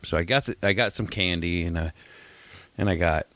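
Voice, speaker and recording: A man's voice: low-pitched, normal speed, a bit bright, no echo. A man co-hosting a podcast, telling a rambling story with lots of laughter and acted-out voices. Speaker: podcast co-host. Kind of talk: casual chat.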